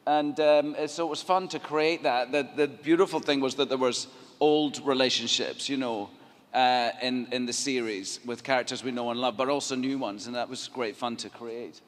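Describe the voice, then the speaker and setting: A man's voice: mid-range voice, fairly even intonation, moderate pace. A man on a fan-convention panel, talking in an easygoing, jokey way. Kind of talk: relaxed panel talk. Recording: reverberant convention hall, crowd ambience.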